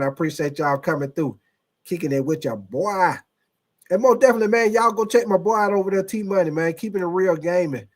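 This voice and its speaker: A man hosts a casual sports livestream and talks in a loose, slangy, animated way. His voice sits a little higher than most men's. He keeps the chat going as he reads out viewer comments. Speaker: host.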